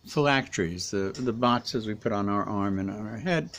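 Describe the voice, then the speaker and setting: A middle-aged rabbi giving a conversational weekly Torah talk, pausing often and restarting his sentences. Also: lowish voice, a little hiss or hum. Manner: conversational, frequent hesitations and restarts. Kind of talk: casual spoken Torah commentary.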